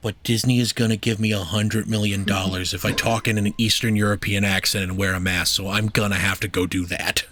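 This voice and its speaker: A man putting on a smug movie star who politely declines a role, in a low, slow, mock-sincere voice. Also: little pitch movement, a bit bright, slight background noise, close to an everyday voice.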